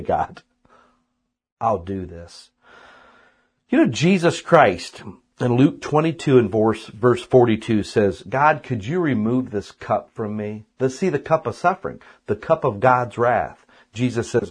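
A man's voice: fairly low pitch, slightly rough. A man teaching a casual sermon on a Bible passage, chatty and conversational, often tossing in "man" and "right?". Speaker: preacher.

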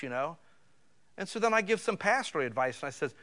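A male pastor preaching a sermon in a folksy, conversational way, building to loud emphasis on scripture. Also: fairly high pitch, sing-song, quick pace.

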